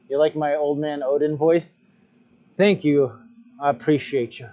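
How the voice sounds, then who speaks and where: A man talks through a live stream in an unhurried, drawn-out way, thinking aloud as he tinkers with his setup. His voice sits a bit higher than most men's. The audio is dull and lo-fi. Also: warm tone. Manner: chatty, thinks aloud while fiddling with stream settings. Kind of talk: casual livestream chat.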